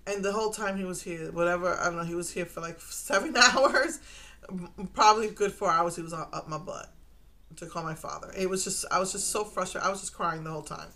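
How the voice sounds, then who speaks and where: Bright-voiced emotional middle-aged woman. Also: fairly low pitch, quick pace. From Puerto Rico. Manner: emotional, rambling, with restarts. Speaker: vlogger. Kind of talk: personal confessional monologue.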